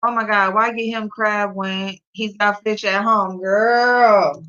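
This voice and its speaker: A woman's voice: mid-range voice, level tone, a little slow. Chatty woman hosting a lo-fi livestream. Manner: loud laughing, talks back to chat and her dog. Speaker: livestream host reading chat. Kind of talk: casual livestream chat. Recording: dull lo-fi sound.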